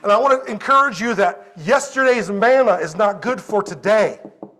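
High-voiced preaching pastor, man. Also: moderate pace. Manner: animated preaching, swinging from loud exclamations to quiet storytelling. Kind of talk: sermon. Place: church service.

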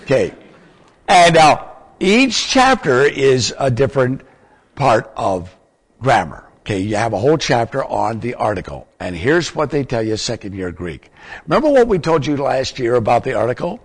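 A man's voice: medium pitch, sing-song, normal speed, husky. An older man preaching and teaching, quizzing his listeners with questions in an explanatory, teacherly way. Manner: teacherly, asks the audience questions. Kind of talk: sermon teaching. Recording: long hall reverb.

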